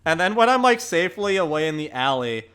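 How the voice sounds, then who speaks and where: A man in casual tabletop chat, joking and giggling as he describes what he does. His voice sits high and moves up and down a lot. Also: big pitch swings, quick pace, bright, forceful tone, clear, resonant tone. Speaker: player.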